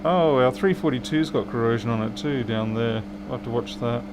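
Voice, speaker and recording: A man's voice: mid-range voice, fairly quick, background noise. A man, a repair technician bantering with viewers and muttering to himself while he works on a live stream.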